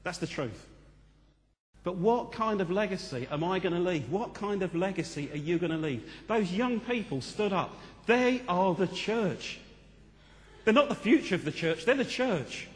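A man in his fifties preaching a sermon as vicar, animated and joking at times, then earnest. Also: high-pitched, normal speed, in a large hall. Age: 50s. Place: church.

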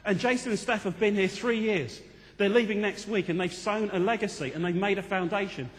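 Animated man preaching in a church. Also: high-pitched, fairly quick, in a large hall. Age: 50s. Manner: animated, jokey, then earnest. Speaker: vicar. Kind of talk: sermon.

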